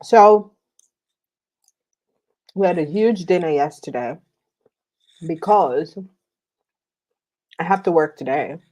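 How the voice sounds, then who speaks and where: A woman's voice: deep voice, expressive, takes it slowly, long pauses, dark tone. A woman tarot reader chatting casually while eating, rambling with many fillers.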